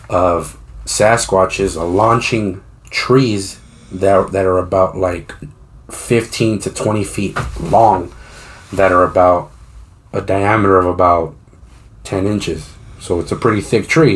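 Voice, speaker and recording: A man with a fairly low voice tells a story on a casual podcast, swearing freely and circling back with lots of fillers. He slips into the voices of the people in his story as he goes. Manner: acts out quoted voices while retelling. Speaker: podcast host. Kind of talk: casual chat.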